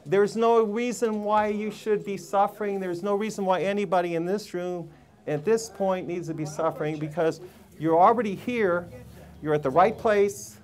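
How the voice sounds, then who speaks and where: A man speaking at a health seminar gives a live talk to a full room, emphatic and preachy, firing rhetorical questions at the audience. His voice sits high and his pace is moderate.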